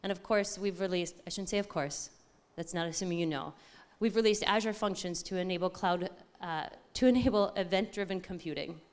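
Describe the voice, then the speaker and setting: A woman speaks at a tech conference with a slightly low, excited voice. She talks in a chatty way and often stops to correct herself. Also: brisk, hardly any pauses, clean tone. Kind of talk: live conference talk.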